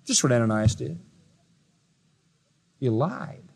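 A preacher delivering a sermon, firing rhetorical questions at listeners, swinging from loud high exclamations to quiet low asides. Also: male voice, fairly quick, long reverb tail. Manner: emphatic, rising to loud high-pitched exclamations then dropping quiet.

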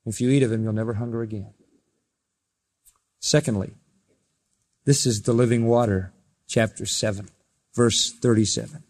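A man preaching a sermon, telling the story with emphasis and swinging between loud and soft passages. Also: fairly low pitch, steady tone, moderate pace, pauses often. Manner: storytelling, emphatic, rises and drops in volume. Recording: long reverb of a large hall.

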